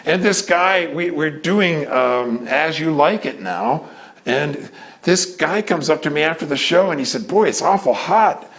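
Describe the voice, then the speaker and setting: A man's voice: on the high side, animated, measured pace, fairly bright tone. A man who runs a community theater tells a long anecdote in a storytelling manner, acting out the other people's lines in changing voices.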